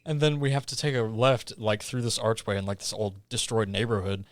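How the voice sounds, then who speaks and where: A man co-hosting a podcast, recounting gaming moments in a relaxed, casual way. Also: lowish voice, brisk. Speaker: podcast co-host. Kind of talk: casual chat.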